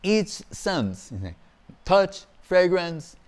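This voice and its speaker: A man giving a devotional lecture as a monk, telling scripture stories in an animated way and acting out the quotes. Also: sits high, very slow. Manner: animated storyteller, acts out quotes with laughter. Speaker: monk giving a spiritual discourse.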